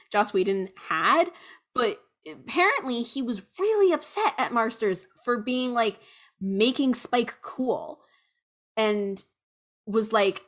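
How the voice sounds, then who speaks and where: A woman's voice: medium pitch, fairly bright tone. A young woman co-hosting a podcast, rambling in casual chat with many fillers. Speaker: podcast co-host.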